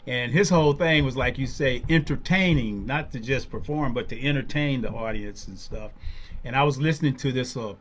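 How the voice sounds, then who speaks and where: A man hosting an interview, telling stories in an animated way and laughing often. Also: medium pitch. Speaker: host. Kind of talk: casual interview storytelling.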